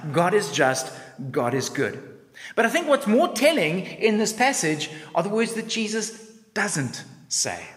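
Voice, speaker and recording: A man's voice: high-pitched, measured pace. Man preaching in an echoing hall. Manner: expressive storytelling, acts out voices; reflective rhetorical questions. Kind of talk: sermon. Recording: long reverb in a large hall.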